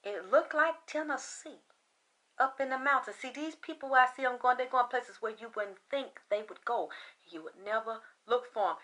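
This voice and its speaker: A woman's voice: a little high, moderate pace, fairly bright tone. A woman who works as a psychic reader, delivering a blunt, profane, emphatic unscripted rant. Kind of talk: unscripted ranting monologue.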